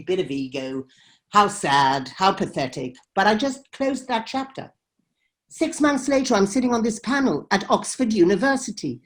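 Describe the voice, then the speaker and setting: A woman documentary filmmaker tells a story in an interview. She is emphatic and dramatic, and she acts out each heated exchange as she recounts it. Her voice sits at a middling pitch. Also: darkish tone.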